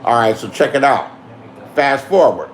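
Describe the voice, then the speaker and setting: A man's voice: medium pitch, expressive, moderate pace. A man delivering a profane, confrontational monologue, talking straight at absent rivals and trading in online drama. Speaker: YouTube drama streamer. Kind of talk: heated ranting monologue.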